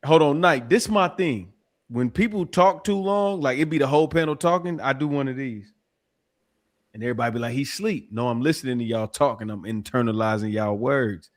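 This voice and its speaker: A man speaking as a guest on an online panel, low-key and drawling with lots of slang. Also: fairly quick. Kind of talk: casual panel banter.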